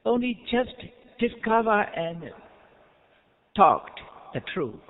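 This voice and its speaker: A man's voice: sits high, sing-song, takes it slowly. A man with a Burmese accent teaching a Buddhist lecture in simple English, checking in with his listeners as he goes. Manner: simple non-native English, frequent rhetorical checks and soft chuckles. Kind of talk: dharma lecture. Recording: tinny phone-like lo-fi recording.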